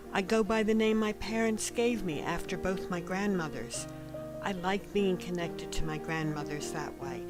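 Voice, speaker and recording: A woman reading a novel aloud as scripted first-person narration, gentle and even, sometimes dropping to a hush. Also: medium pitch, poor audio. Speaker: audiobook narrator.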